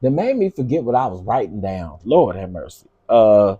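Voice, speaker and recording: A man's voice: lowish voice, sing-song, normal speed, husky, phone-quality sound. A middle-aged man hosting a casual live commentary stream, exasperated and ranting as he answers his chat. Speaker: livestream commentary host.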